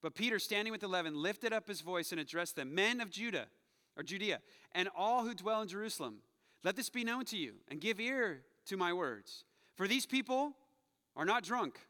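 Lively high-voiced man preaching. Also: moderate pace, long reverb tail. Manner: animated storytelling, acts out quotes. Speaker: pastor. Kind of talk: sermon. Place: church sanctuary.

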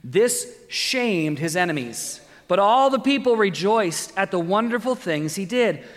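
A man's voice: high voice, expressive, measured pace, long reverb tail. A man preaching a sermon as pastor, reading scripture dramatically and adding light jokes.

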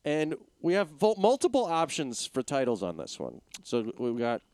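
A man with an East Coast accent sounds stuffy-nosed from a cold as he co-hosts a casual comedy podcast. His pitch swings widely and his tone stays smooth and clear. The sound is dry and close, with no room around it. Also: huge pitch swings, moderate pace, a little mellow, no room sound. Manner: dry, wry jokes. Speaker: podcast co-host.

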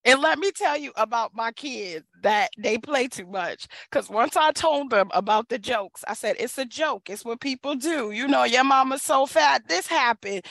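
A woman co-hosting a casual podcast, a slangy and animated storyteller. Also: a little high, no echo. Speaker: podcast co-host.

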